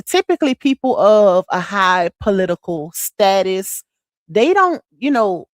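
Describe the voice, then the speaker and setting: A woman's voice: lowish voice, dry recording. Woman livestream host, casual slangy chat, dry close sound. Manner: chatty, slangy, speaks straight to the chat.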